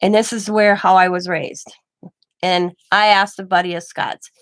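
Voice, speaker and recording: A woman's voice: medium pitch, flat delivery, moderate pace, fairly bright tone, smooth, no echo. A woman in her forties hosting a craft channel, telling a story in rambling casual chat, full of restarts and cut-off words. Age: 40s.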